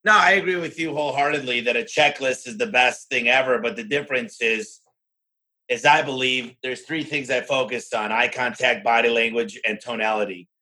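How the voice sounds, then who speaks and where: A man who owns a home services business, talking in a lively podcast conversation and acting out the exchanges he has with other owners. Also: medium pitch, moderate pace, rough recording. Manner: animated, acts out his own conversations in quoted voices.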